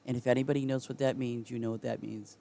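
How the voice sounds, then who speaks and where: A woman's voice: a bass voice, steady tone, fast, creaky, warm tone. A middle-aged woman streaming a game and chatting casually with her viewers, rambling and often breaking into giggles. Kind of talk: casual chat with viewers while gaming.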